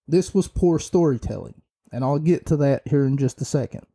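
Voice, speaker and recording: A man's voice: a little high, moderate pace, dark tone. A man hosting a podcast, giving an opinionated, rambling wrestling review with many fillers and restarts. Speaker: podcast host.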